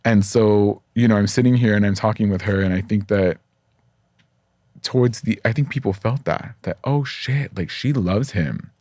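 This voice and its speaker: A man talks as a podcast guest, his voice sitting a little low and sounding dry and close on the mic. He tells stories in a candid, profane, animated way and acts out the people he quotes. The room adds no echo. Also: moderate pace. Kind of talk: casual conversational storytelling.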